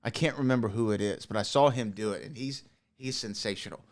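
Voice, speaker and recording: Man eagerly sharing stories on a podcast. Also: medium pitch. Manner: eager storytelling with quick restarts. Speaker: podcast co-host. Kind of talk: casual chat.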